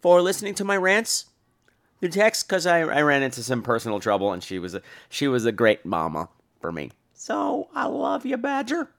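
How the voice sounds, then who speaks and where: A man hosts a podcast and tells a crude comic story with lively, profane energy. His voice is bright with a gravelly fry at the edges. It sits at an ordinary male pitch. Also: normal speed. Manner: animated, profane, jumps between voices. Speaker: podcast host.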